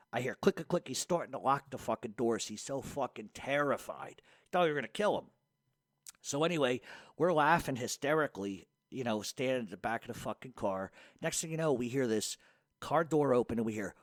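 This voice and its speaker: A middle-aged man spins stories and answers questions in loose, cussing talk, laughing as he goes. His pitch leaps up and down as he tells it. The sound is close and dry, with no room around him. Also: no echo. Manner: profane, laughs often, animated storyteller. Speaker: podcast host. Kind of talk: casual storytelling and Q&A.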